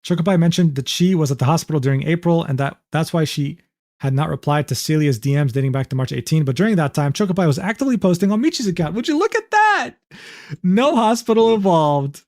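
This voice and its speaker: A man's voice: on the high side, dark tone, no room sound. Casual, profane young man on a dry mic. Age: 20s. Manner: loose and profane, drawn-out "bro" asides. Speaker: streamer. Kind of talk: casual reaction stream commentary.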